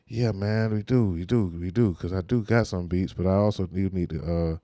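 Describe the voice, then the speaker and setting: A man's voice: sits low, moderate pace, mellow, dry recording, studio quality. Laid-back man hosting a podcast, slangy. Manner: loose and rambling, heavy fillers and slang. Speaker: podcast host. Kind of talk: casual livestream podcast chat.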